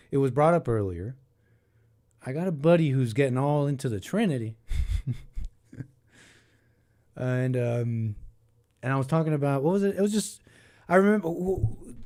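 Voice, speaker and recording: A man's voice: medium pitch, darkish tone. A young man hosting a call-in show, rambling and thinking aloud in casual talk, with many restarts.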